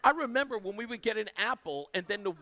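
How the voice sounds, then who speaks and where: A man's voice: high-pitched, animated, fast talker, pushed and bright. A man hosting a live radio talk show, chatting casually and effusively thanking donors. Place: radio studio.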